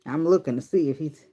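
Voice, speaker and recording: A woman giving a casual tarot reading, joking and swearing freely and singing along softly between cards. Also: medium pitch, slightly rough. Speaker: tarot reader.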